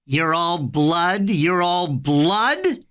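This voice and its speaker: A reader voicing a furious, panicking older boy who yells in a high, tinny voice in a storybook reading. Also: lively intonation, slow pace. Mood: shrill panic. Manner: shrill yelling.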